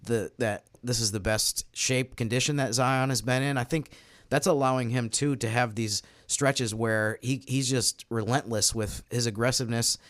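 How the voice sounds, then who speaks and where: Male co-host, smooth clear tone, dry close sound, earnest. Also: mid-range voice, fairly even intonation, normal speed, fairly bright tone, no room sound. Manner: earnest, thoughtful, some restarts. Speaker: podcast co-host. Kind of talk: casual podcast chat.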